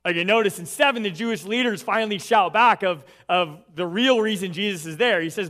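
A male pastor with a high, slightly bright voice preaches and reads scripture aloud, talking briskly with hardly any pauses. He is earnest and builds emphasis, often tossing in "right" as an aside.

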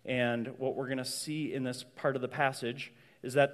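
A man's voice: mid-range voice, level tone, normal speed. A man preaching a sermon as pastor, emphatic and prone to repeating words as he goes. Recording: long hall reverb.

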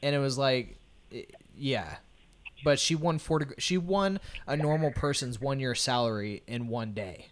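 A man co-hosting a podcast, telling lifting stories in an animated, excited way with casual swearing. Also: mid-range voice, unhurried. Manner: animated, hyped storytelling, swearing. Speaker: podcast co-host, powerlifter. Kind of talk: casual chat.

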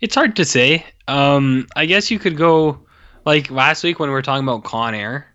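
A man's voice: on the high side, normal speed, pushed and bright, smooth, highs cut off. A man co-hosting a podcast, chatting about films in a laid-back way with short replies. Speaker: podcast co-host. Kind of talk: casual film discussion.

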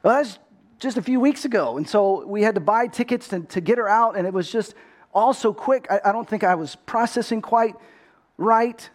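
Middle-aged texas-born pastor guy, pretty high voice, earnest storytelling sermon, trips over his words a bit. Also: moderate pace.

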